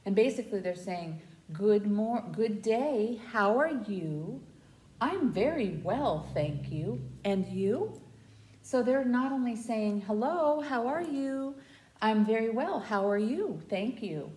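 A woman children's librarian teaching simple phrases in a slow sing-song way. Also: a little high, lively intonation, dark tone. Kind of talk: storytime teaching. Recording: echoey room.

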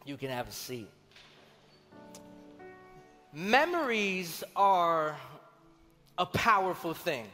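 A young adult man, a pastor preaching a sermon and telling stories from his own life in a conversational, animated way, acting out the voices he quotes. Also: high voice, takes it slowly, long pauses. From Colombia. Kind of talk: sermon with personal storytelling. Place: large church hall. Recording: long reverb of a church hall, faint music.

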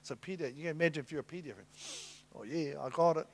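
Middle-aged male apostle, sermon, slightly high voice, animated storyteller who plays every character. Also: fast talker. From New Zealand. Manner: animated storytelling, acting out dialogue with big swings in loudness. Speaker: apostle preaching.

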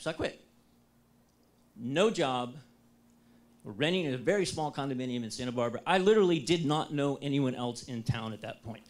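An American man giving a talk to an audience, telling a personal story in a lively, self-deprecating and humorous way. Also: mid-range voice, moderate pace, long pauses. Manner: lively, self-deprecating and humorous, acts out his own past dialogue.

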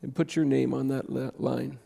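A pastor preaching a sermon in a church, conversational and impassioned, jumping to loud emphasis. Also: male voice, mid-range voice, flat delivery, normal speed, vocal fry, husky. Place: church sanctuary.

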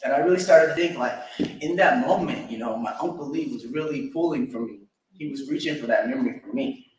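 A man's voice: mid-range voice, fairly quick. A young man giving a personal memorial tribute, telling stories and chuckling fondly. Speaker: eulogy speaker. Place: church sanctuary. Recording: echoey church from far off.

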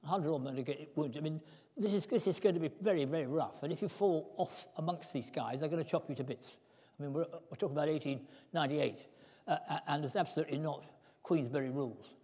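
An older man giving an animated lecture, acting out the story with props as he tells it. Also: a little high, fast, breathy edge. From Britain. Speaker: speaker at a historical society talk. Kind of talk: lively lecture with demonstrations. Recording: hall reverb.

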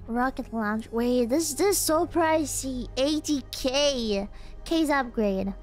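A young woman streaming a game, chatting casually, excitable and giggly, often bursting into squeals. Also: high voice, slow pace, faint music behind. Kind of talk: casual gameplay chat.

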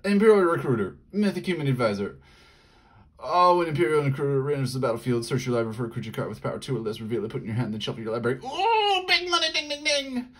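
A man giving casual commentary while opening card packs. He rattles off card text quickly and yelps in high bursts when he gets excited. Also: husky. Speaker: card pack opener.

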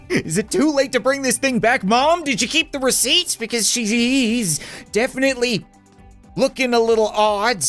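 A man's voice: high-pitched, fairly bright tone. A man giving crude, joking commentary while playing video games. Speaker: gaming YouTuber. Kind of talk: comedic gameplay commentary.

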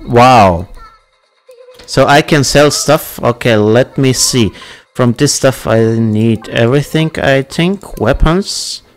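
Slow-talking young man doing game commentary. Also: mid-range voice, soft background music. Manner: laughs often, non-native phrasing. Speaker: gaming channel host. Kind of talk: casual let's-play commentary.

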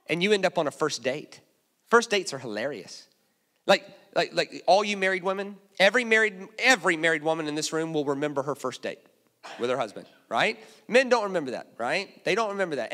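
Animated, lively-pitched male preacher. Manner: animated, humorous storytelling with sudden drops to hushed asides. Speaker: guest preacher. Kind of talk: sermon. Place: church auditorium.

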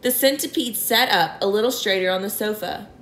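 A woman reading a children's novel aloud in an expressive way. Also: medium pitch, a little fast, a little hiss or hum. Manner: expressive, clears throat now and then. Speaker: reader. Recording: roomy echo.

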